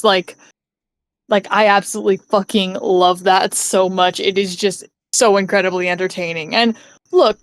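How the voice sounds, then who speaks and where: A woman's voice: on the high side, no echo. A woman streamer chatting casually about a movie, rambling with lots of fillers, laughs and swearing.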